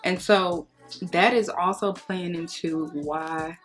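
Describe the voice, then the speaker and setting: An American woman beauty vlogger chats casually as she gets ready, in get-ready-with-me style. Her voice is lowish and her pace slow, and she comes across as outspoken and sassy with emphatic remarks. Loud music plays behind her.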